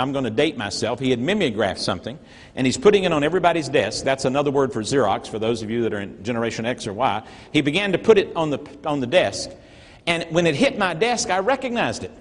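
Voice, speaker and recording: The voice is on the high side and carries a big-room sound. It belongs to an earnest, folksy middle-aged motivational speaker from North Georgia, USA, telling a story to a live audience with emphatic swings in loudness.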